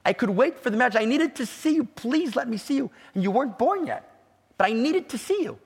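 A man voicing a young holy master who speaks with gentle, heartfelt passion, in a husky voice with a long hall echo. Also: mid-range voice, normal speed. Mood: pleading.

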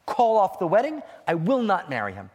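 A man voicing a defiant young bride who refuses her wedding, speaking in a raised, husky voice with a long hall echo. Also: low-pitched, animated, fairly quick, pitched above the performer's own voice. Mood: indignant.

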